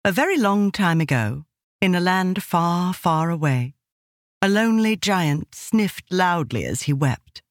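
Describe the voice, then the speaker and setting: A woman with a lowish voice narrates an audiobook from a script, measured and expressive in her storytelling. The recording is dry, with clean studio sound.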